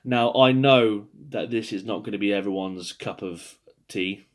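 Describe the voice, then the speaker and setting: In a relaxed solo monologue to camera, a podcast host with a lowish voice ranks biscuits, speaking a little slowly. He's yawning and tired, rambling along with swearing and jokes at his own expense.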